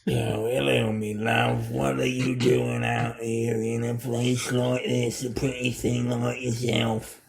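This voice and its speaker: A man voicing a scheming old crone who haggles on a wharf, in a low, gruff put-on voice. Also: completely flat delivery, slow, hardly any pauses. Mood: wheedling.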